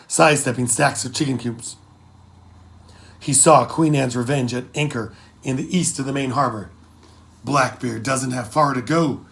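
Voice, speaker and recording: A man narrating an adventure story as an audiobook, with steady storytelling delivery. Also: mid-range voice, vocal fry. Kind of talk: scripted narration.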